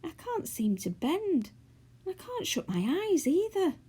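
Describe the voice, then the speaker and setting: A woman's voice: extremely high pitch, sing-song, unhurried, warm tone, voice pushed up, full character voice. A woman voicing a puzzled little girl who has turned into a stiff doll in a storybook.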